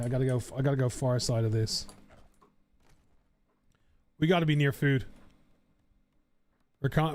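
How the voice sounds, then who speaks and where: Young Irish male streamer, high-ish voice, rambling casual chat with easy swearing. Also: a little mellow. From Ireland. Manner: rambling, chatty, swears casually, frequent fillers. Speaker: game streamer. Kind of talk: casual live-stream chat while gaming.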